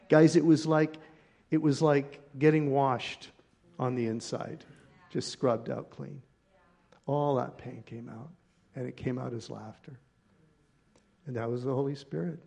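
Male pastor telling a story in his sermon, gravelly voice, chatty and animated. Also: on the high side, a little slow. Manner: animated personal storytelling, laughing at times.

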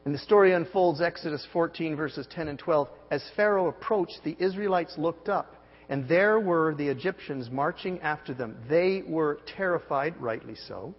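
A man in his forties preaches with fervor, his fairly high voice leaping up and dropping low as he pushes rhetorical questions at the congregation. The recording is muffled, with a long reverb tail from a large hall and a faint hum underneath. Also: moderate pace. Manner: emphatic preaching with sharp swings in pitch and volume, rhetorical questions. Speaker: pastor. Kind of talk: sermon.

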